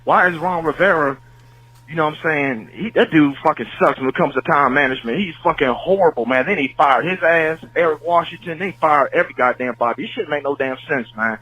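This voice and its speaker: A man's voice: a little high, a little fast, pushed and bright, breathy edge, rough recording. A man calling in to a podcast, ranting furiously and cursing nonstop. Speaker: caller. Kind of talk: angry fan call-in rant.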